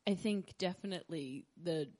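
A woman's voice: on the low side, normal speed, darkish tone, slight background noise. A woman in a church study group reflecting on a question as she answers. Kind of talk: discussion answer.

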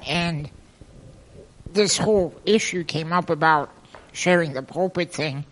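A man with a fairly high voice speaks up in a church discussion group. He talks hesitantly, stumbling over his words and often restarting his sentences. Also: unhurried, a bit bright.

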